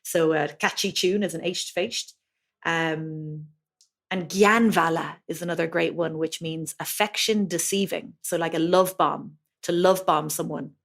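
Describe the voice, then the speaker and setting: A woman's voice: low-pitched, fairly even intonation, unhurried, gravelly. Irish woman explaining like a teacher. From Ireland. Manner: explanatory, gives many examples in a teacherly way. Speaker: guest, Irish language teacher. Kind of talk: conversational interview.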